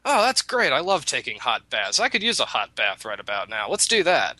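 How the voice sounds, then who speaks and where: Man doing a cocky high trickster rabbit. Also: huge pitch swings, a little fast, pushed and bright, no room sound, heavily acted. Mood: gleeful. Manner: mock-polite, boastful. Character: cocky smooth-talking male trickster rabbit.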